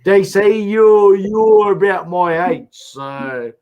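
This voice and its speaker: A blunt man talks on a live stream in a fairly high voice. He speaks in halting bursts and swears casually as he makes his point. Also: fairly even intonation, muffled recording.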